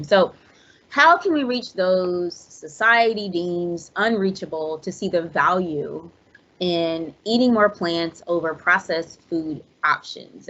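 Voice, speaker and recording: A woman hosting a podcast, asking measured, thoughtful questions. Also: fairly low pitch, fairly bright tone, lo-fi sound. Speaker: podcast host. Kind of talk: conversational podcast interview.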